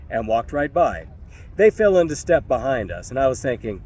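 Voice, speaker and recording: Male audiobook reader for a first-person novel, mid-pitched, wry and profane, easy conversational delivery. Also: expressive, moderate pace, mellow, a little hiss or hum. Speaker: audiobook narrator.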